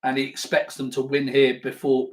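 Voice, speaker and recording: A man's voice: mid-range voice, completely flat delivery, moderate pace, rough recording. A man hosting a live stream, chatting to his viewers in a rambling, sweary way with stammered restarts. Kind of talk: casual live-stream chat.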